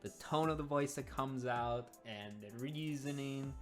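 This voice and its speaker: Excitable low-voiced woman reviewing a comic. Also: measured pace, soft background music. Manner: excitable, rambling, many restarts. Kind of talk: casual reaction commentary.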